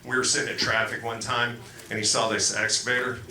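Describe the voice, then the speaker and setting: Rambling comedian in an echoey club. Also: male voice, medium pitch, level tone, brisk, pushed and bright. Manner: loose, rambling delivery with fillers and acted-out quotes. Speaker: stand-up comedian. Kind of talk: stand-up comedy set. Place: comedy club stage before a live crowd. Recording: echoey club with crowd noise. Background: crowd laughter.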